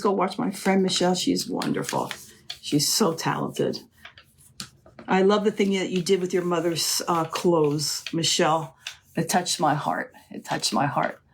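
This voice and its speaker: Woman, middle-aged, low-pitched, chatty live craft demo, gushing over her work, faint hiss behind. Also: vocal fry. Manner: chatty, gushing, keeps calling viewers "ladies". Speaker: crafting live-stream host. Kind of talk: live craft demonstration chat.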